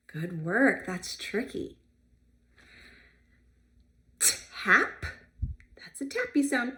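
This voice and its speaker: Slow, encouraging woman teaching kids. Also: medium pitch, expressive, pushed and bright. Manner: slow, clear modeling of sounds with pauses for kids to repeat; encouraging praise. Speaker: speech therapist. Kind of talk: children's speech practice lesson.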